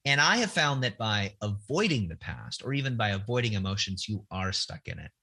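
A middle-aged man shares candid personal stories in an earnest, reflective way, hesitating often with fillers and restarted sentences. His voice is on the low side and sing-song, pushed and bright with a breathy edge, and he talks a little fast. It's conversational storytelling.

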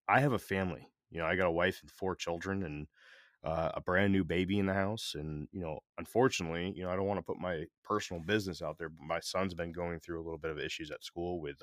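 Deep voiced guy talking real candid on a podcast, lots of uhs, dry close mic. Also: a bit bright, no echo. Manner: candid, earnest, halting with "uh" and "um". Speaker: podcast co-host. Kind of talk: casual podcast chat.

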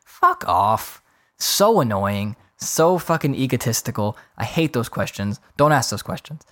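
A male podcast host on a fed-up, swearing rant, voice sitting at an ordinary middle pitch. He talks casually and mocks others in quick put-on voices. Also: animated.

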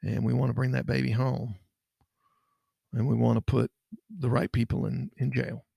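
Gravelly man hosting a podcast. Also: medium pitch, little pitch movement, moderate pace, dark tone, dry recording. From Texas. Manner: folksy, earnest, rambling with restarts. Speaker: podcast host, private investigator. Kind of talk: casual podcast talk.

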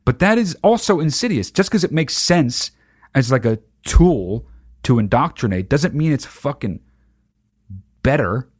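A man's voice: medium pitch, unhurried, husky, no echo, clean studio sound. A man ranting casually in a sardonic, profane way about a childhood memory. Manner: sardonic, heavy swearing, lively emphasis. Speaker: monologue speaker.

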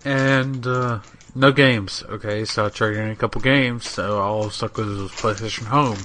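A man's voice: fairly low pitch, steady tone, moderate pace, bright, forceful tone, a little hiss or hum. A young man co-hosting a casual gaming podcast, trading jokes and teasing banter. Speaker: podcast co-host.

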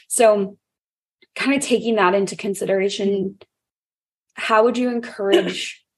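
A woman podcast host asking long, thoughtful, rambling questions in a casual interview. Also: mid-range voice.

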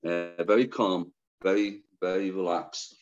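A man telling his own difficult story as an interview guest, halting, restarting often, and speaking frankly. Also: low-pitched, flat delivery, lo-fi sound, soft background music. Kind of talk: candid personal storytelling.

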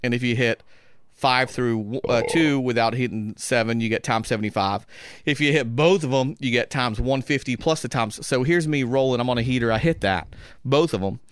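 Male podcast guest, mid pitch, lively storyteller who laughs a lot, dry studio sound. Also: moderate pace, few pauses, clear, resonant tone, no echo. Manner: animated, acts out quoted voices, laughs often. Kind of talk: casual storytelling.

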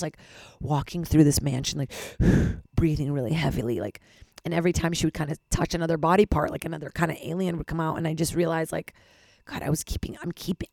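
A woman hosting her own podcast, talking frankly and rambling, swearing and poking fun at herself, with a hoarse voice from losing it. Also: low-pitched, a little mellow, no room sound, studio quality. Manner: frank, rambling, swears freely, self-deprecating. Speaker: podcast host. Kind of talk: candid solo podcast monologue.

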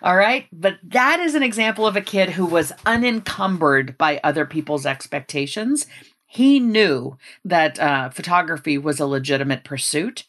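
A middle-aged woman with a low voice, a guest giving earnest, measured advice in conversation and slowing down to stress her points. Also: animated, a bit bright. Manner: earnest, measured, slows down for emphasis.

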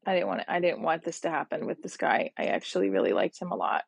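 A woman's voice: sits low, big pitch swings, quick pace, creaky, slightly rough, no room sound. A woman in her forties hosting her own podcast, talking through a sad, upset personal monologue in a rambling, emotional way full of restarts. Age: 40s. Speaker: podcast host.

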